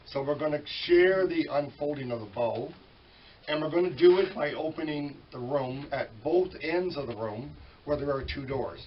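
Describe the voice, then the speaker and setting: A man's voice: a little high, moderate pace. A man with a weak voice, chatting folksily as master of ceremonies at a library dedication, correcting himself as he goes. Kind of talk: public ceremony announcements. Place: library at a public dedication event. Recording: distant, dull event recording with crowd.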